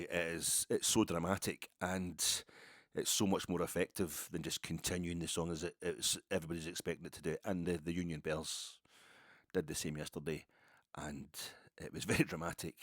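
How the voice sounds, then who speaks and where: A man with a deep, low voice talks on his own in a loose, wandering way, doubling back and restarting as he goes. The sound is dry and close, with no room echo. It feels like a casual solo podcast about football. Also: a bit bright. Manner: digressive, chatty storytelling with many restarts. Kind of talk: casual rambling monologue.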